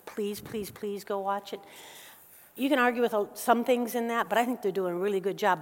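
A woman preaching a sermon to a church gathering, moving between soft, slow passages and loud, quick bursts. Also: mid-range voice. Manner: animated, swings from soft and slow to loud and fast. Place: church hall. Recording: long hall reverb.

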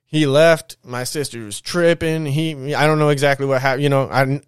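A man spins his life story in a loose, slangy ramble, full of fillers and asides. His voice is smooth and clear at an ordinary pitch. The recording is dry and close, with no room around it. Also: steady tone, normal speed, no echo. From Southern California. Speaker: podcast host telling his life story. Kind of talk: casual storytelling.

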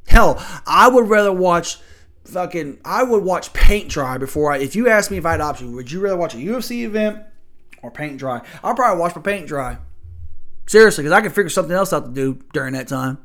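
A man's voice: a little high, animated, a little fast, fairly bright tone. Profane, blunt man ranting as host. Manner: argumentative, asks rhetorical questions. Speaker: podcast host. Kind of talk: opinionated sports rant.

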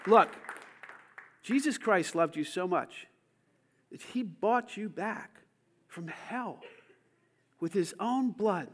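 A pastor preaching a sermon to his church, swinging from quiet, intimate lines to shouted calls for the congregation to repeat after him. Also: sits high, a little slow, long pauses.

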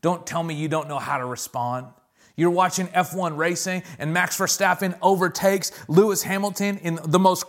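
Pastor guy preaching, kinda high voice, keeps going "come on" and pushing hard. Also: a bit bright. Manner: preaching with rising intensity, repeated "come on" calls. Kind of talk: sermon.

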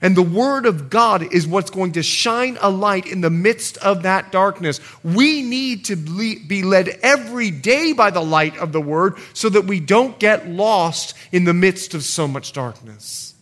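Guy preaching a sermon, voice way up high and bouncing all over, acts out bits as he goes. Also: a little slow, hardly any pauses. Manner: animated preaching with acted-out asides. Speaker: pastor.

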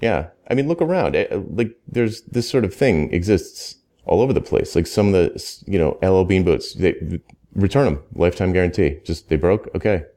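A man's voice: sits low, lively intonation, moderate pace, mellow. A man talking casually in a podcast conversation, emphatic and rambling, often restarting his sentences. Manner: rambling, self-correcting, emphatic. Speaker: consultant guest.

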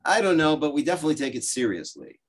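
A man teaching a religious class over a video call. He tells stories with lively asides and voices the people in them. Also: a little high, very fast. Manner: lively storytelling, explaining with asides and quoted voices. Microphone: video call microphone.

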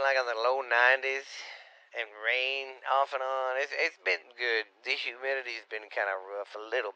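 Man doing a brash middle-aged Louisiana uncle, boastful slangy catchphrases, slightly sore voice, middling pitch, dry sound. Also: pushed and bright, smooth, no room sound, highs cut off. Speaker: comedy podcast character. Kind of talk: comic character monologue.

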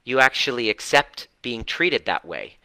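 Male coach, live community talk, bright forward tone, close and dry sound. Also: medium pitch, very animated, measured pace, clear, resonant tone, no room sound. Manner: earnest, emphatic, with restarts. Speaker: coach and host.

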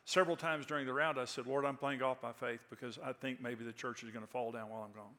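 A man's voice: mid-range voice, fairly even intonation, fast, pushed and bright, in a large hall. A man in his sixties preaching a sermon, telling stories in a conversational way that rises to emphatic peaks. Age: 60s. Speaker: pastor. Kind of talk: sermon with storytelling.

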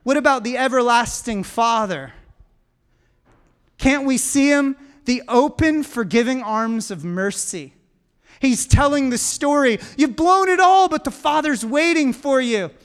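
Male pastor, very high pitch, clean and smooth tone, emphatic sermon delivery with call-and-response. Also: animated, unhurried.

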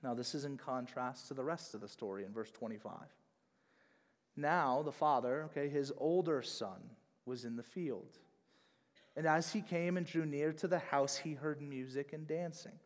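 A man preaching a sermon as pastor, emphatic, swinging between hushed and loud delivery. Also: medium pitch, moderate pace, big-room sound.

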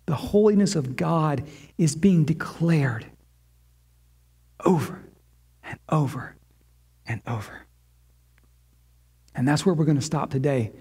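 A man's voice: fairly high pitch, darkish tone. A man preaching a sermon in a church as pastor, emphatic and repetitive, building phrases for effect.

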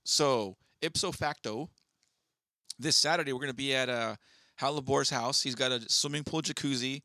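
Male podcast co-host, bright and forceful, dry close recording, laid-back rundown delivery. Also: mid-range voice, normal speed, no echo. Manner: laid-back, runs through a fight card like a rundown. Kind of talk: casual chat.

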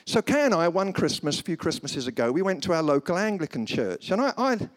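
A man delivers a guest sermon to a church congregation, his fairly high voice swinging up and down as he tells stories. He leans into comic asides and briefly puts on funny voices before returning to his point. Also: fairly quick. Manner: animated storytelling, slips into comic voices. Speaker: guest preacher. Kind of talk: humorous sermon.

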